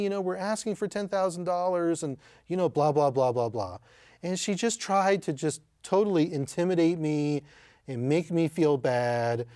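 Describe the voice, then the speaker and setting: A man's voice: mid-range voice, warm tone, no echo, studio quality. A man who works as a real estate agent gives casual career advice to newcomers, telling anecdotes in a conversational way with frequent fillers.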